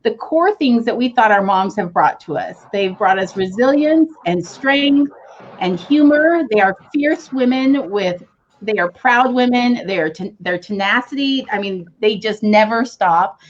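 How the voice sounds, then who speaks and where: A woman's voice: a little high, animated, a little slow, highs cut off. A woman co-hosting a casual video chat, tearing up as she pays tribute to her mother. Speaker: co-host.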